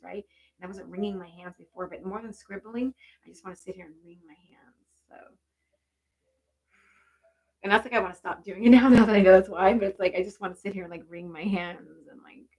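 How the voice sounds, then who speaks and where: A middle-aged woman working as a medium on a live stream, chatting warmly with many fillers and restarts. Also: mid-range voice, husky. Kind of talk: live-stream reading and chat.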